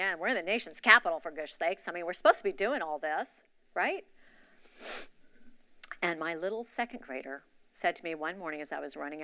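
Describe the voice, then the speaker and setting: Addressing her church, a woman gives an honest, confessional testimony as if chatting. Her voice is fairly low, bright, and forceful, with no echo.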